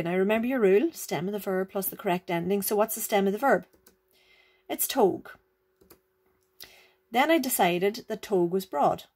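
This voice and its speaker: A woman teaches a grammar lesson. She explains each rule patiently, repeats it, and keeps asking the learner whether they follow. Her voice sits at an ordinary middle pitch. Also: darkish tone. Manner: patient, repeats rules, checks understanding with "right?" and "okay?". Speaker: Irish language teacher.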